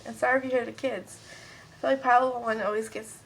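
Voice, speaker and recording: Woman tarot reader, slightly high voice, stuffy nose, rambling and chatty with viewers. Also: fairly even intonation, quick pace, a bit bright, slight background noise, poor audio. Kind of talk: casual pick-a-card tarot reading. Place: at home with kids and a puppy nearby.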